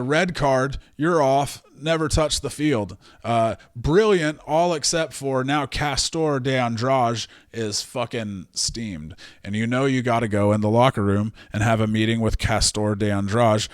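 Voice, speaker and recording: A man's voice: medium pitch, no room sound, studio quality. A man hosting a podcast, telling a story casually with lots of fillers and swearing. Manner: profane, animated storyteller with many fillers. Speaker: podcast host.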